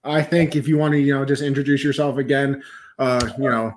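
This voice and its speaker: Male co-host, mid-pitched, playful and chatty, loose casual talk. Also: steady tone, a little fast, slight background noise. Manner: playful, chatty, lots of fillers. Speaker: podcast co-host. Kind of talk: casual chat.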